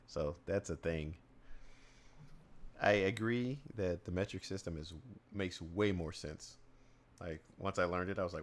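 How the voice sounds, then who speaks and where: A man's voice: sits low, moderate pace. An American man hosting a stream, chatting casually, joking and laughing often. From United States. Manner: laughing, joking, acts out silly voices. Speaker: streamer host.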